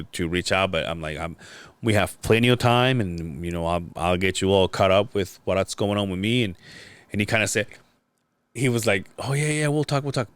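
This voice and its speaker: A man with a lowish voice tells a story in casual podcast chat, often stopping and starting over. The sound is dry and close, with no room around it. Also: a bit bright, clear, resonant tone, no echo. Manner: rambling storytelling with many restarts. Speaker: podcast host.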